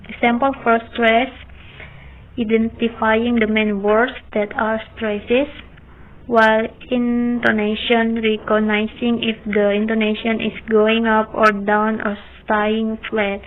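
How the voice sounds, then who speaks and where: A young woman giving a student class presentation, reading slowly with hesitant fillers. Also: a little high, slight background noise. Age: young adult. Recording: tinny phone-like audio.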